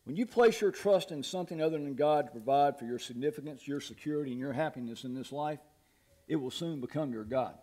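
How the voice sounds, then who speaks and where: A man preaching with a folksy, storytelling manner, moving easily from joke to scripture. His speaking voice sits a little high for a man. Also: fast, darkish tone. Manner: folksy, laughs at his own jokes. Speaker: pastor. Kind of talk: sermon with a humorous story.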